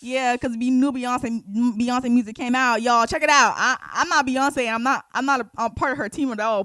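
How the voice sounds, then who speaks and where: Bright, dry-sounding young woman cohost. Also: fairly high pitch, steady tone, moderate pace, hardly any pauses, no echo. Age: 20s. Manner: playful, laughs a lot, hypes things up. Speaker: podcast co-host. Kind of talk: casual chat.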